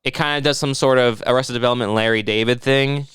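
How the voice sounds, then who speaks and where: A man's voice: medium pitch, fairly even intonation, fast talker, a bit bright, clean tone, no echo. Young male podcast co-host, very clean resonant tone, dead-dry sound, rambling, profane delivery. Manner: rambling, profane, drifts into mock voices. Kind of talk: casual podcast banter.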